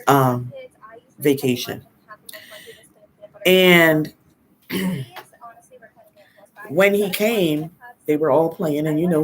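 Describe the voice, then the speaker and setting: On her casual live stream about parenting, an older woman with a low-pitched voice tells no-nonsense stories. This grandmother performs the quoted lines herself and occasionally clears her throat.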